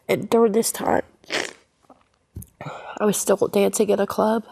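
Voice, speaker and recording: A woman giving a personal faith testimony as a guest, talking in a halting way with frequent fillers and restarts. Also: mid-range voice, flat delivery, creaky, mellow, husky. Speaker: guest sharing her life story.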